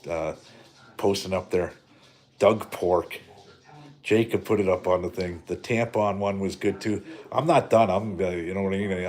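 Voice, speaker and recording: Deep-voiced, profane middle-aged man ranting. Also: a little mellow. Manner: profane, rambling, joking. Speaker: livestream host. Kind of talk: casual live-stream rant.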